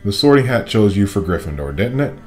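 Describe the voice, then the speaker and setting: A man's voice: on the low side, very animated, brisk, darkish tone, faint music behind. Harry, as a man voices him: earnest boy wizard. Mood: kind.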